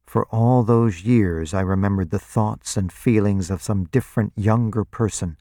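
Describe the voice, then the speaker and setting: A man reading first-person narration for an audiobook, deliberate and introspective. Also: on the low side, warm tone, no echo, clean studio sound.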